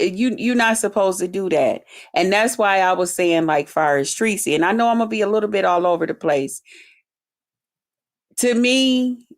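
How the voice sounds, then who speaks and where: A woman vlogger telling a personal story straight to her viewers in a blunt, profane, animated way. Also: fairly low pitch. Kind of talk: casual storytime monologue to viewers.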